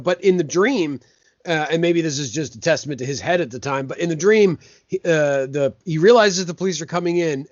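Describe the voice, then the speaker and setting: A man's voice: on the high side, no room sound. A man chatting casually as a guest on a film podcast, jokey and enthusiastic. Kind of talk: casual chat. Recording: dull lo-fi, dry sound.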